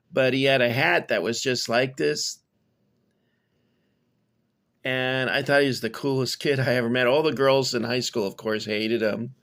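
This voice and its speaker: A middle-aged man casually showing his toy figures and rambling off on tangents with many pauses. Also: mid-range voice, a bit bright. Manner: rambling, digressive, many fillers. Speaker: toy collector reviewing figures. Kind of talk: casual show-and-tell.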